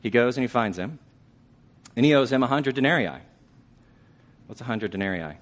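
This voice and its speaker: With a mid-range voice and lively intonation, a man preaches at a moderate pace in a conversational style. He asks the congregation questions and lowers to a hushed tone when the lines turn weighty.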